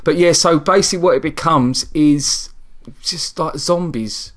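A man's voice: on the high side, measured pace. A man in casual chat, recapping a film in a rambling, hesitant way with frequent restarts.

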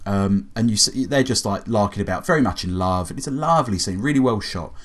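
A man, casually retelling a film's plot to a co-host, animated, laughing often and swearing freely. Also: lowish voice, fast. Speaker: podcast co-host reviewing a film. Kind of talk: casual chat.

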